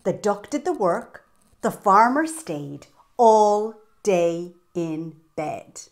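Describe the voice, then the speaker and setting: A woman reads a picture book to young children at an unhurried pace. Her voice swoops up and down in an animated, sing-song way as she points out what is happening in the pictures. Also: medium pitch. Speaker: children's storyteller.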